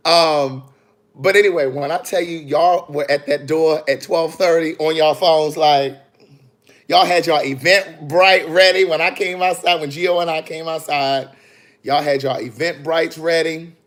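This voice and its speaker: A man, an author, chatting on a phone livestream in a sassy, animated way, talking straight to his viewers. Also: a little high, a little slow. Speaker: author hosting a live video. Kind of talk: casual livestream chat. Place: in the city after a book event.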